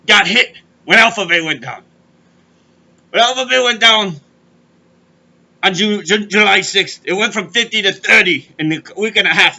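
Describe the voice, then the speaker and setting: A man's voice: sits high, creaky, pushed and bright. A man hosting a comedic crypto show, rambling and kvetching as he tells stories. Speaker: podcast host. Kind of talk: comedic crypto market monologue.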